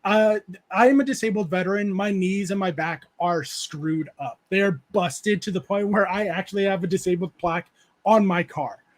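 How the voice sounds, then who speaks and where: A man's voice: high voice, moderate pace. A man hosting a casual livestream chat, reading viewer comments aloud and rambling through stories with frequent laughs and fillers. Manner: rambling storyteller, laughs often, many fillers. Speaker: show host reading chat.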